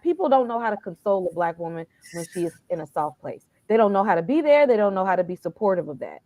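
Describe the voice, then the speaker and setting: A woman's voice: mid-range voice, dry recording. Woman panelist, earnest and explanatory, dry recording. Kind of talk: casual live discussion.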